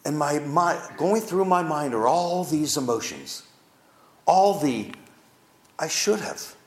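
Older male pastor, heartfelt storyteller, lively rising and falling pitch, roomy echo. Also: slow. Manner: heartfelt, emphatic, repeats phrases. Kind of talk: storytelling sermon.

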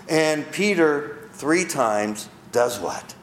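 A man's voice: fairly high pitch, lively intonation, moderate pace, slight background noise. A man preaching a sermon, asking his listeners rhetorical questions. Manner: asks the audience rhetorical questions; acts out quoted people in character. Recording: echoey room.

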